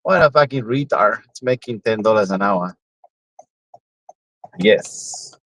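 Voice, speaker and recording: A man driving for a ride-share app livestreams casually from his car, cracking jokes, cursing, and repeating words sing-song style. He speaks slowly in a lowish, fairly bright voice; the audio is poor but has no echo.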